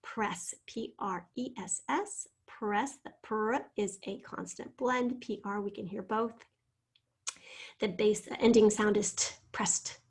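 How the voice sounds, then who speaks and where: A woman teacher giving a phonics lesson, spelling out letters and sounding out words slowly and clearly. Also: mid-range voice.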